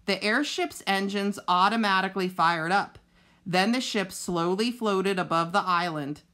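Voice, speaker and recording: A woman teacher reading a children's novel aloud with steady storytelling narration. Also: mid-range voice.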